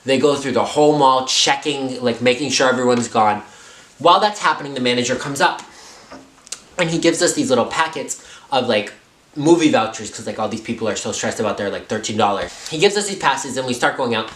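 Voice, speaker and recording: Animated young man telling a story. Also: a little fast, reverberant. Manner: animated, filler-heavy, jumps into high voices. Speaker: vlogger. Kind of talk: storytime vlog.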